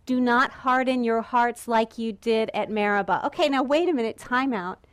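A woman preaching a sermon in a lively, conversational way, now and then acting out the voices of the people in the story. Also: a little high, moderate pace, few pauses. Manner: lively and conversational, acts out voices of Israelites and God. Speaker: pastor.

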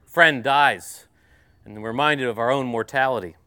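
A male pastor giving a conversational sermon, telling stories with easy filler pauses. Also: mid-range voice, bright, forceful tone, clean tone, dry recording, studio quality.

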